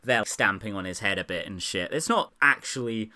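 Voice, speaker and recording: A man's voice: on the low side, animated, normal speed, pushed and bright. A man hosting a casual film review chat, joking and laughing often. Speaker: podcast host.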